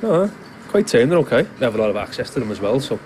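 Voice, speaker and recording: A man's voice: medium pitch, very animated, fast, darkish tone. A man answering a street reporter's questions outdoors. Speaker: passer-by. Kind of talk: vox pop answer. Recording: faint traffic noise.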